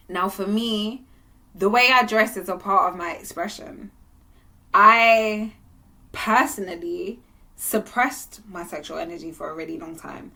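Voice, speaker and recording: A young woman talking to camera in a candid, animated monologue, sometimes breaking into laughter. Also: medium pitch, measured pace, gravelly. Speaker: vlogger.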